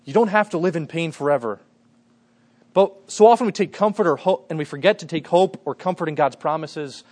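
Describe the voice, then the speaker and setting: A man in his thirties preaching a sermon, earnest and conversational, often addressing the congregation as "guys" and dropping to soft, hushed tones when telling a story. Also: fairly high pitch, brisk. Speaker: pastor.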